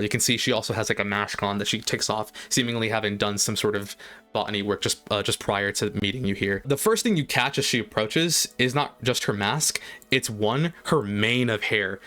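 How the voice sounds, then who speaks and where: A man's voice: medium pitch, fairly bright tone. A man narrating a tabletop game as game master, casual and full of fillers. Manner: casual, filler-heavy, descriptive.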